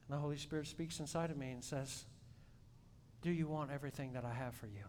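A man preaching a sermon in a church, swinging between loud emphatic peaks and soft hushed asides. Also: fast. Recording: long hall reverb, faint rumble.

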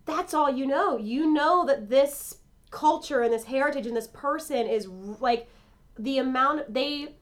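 A woman's voice: high voice, unhurried. A young woman co-hosting a casual chat podcast, reacting with jokes and rambling when she turns serious. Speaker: podcast co-host.

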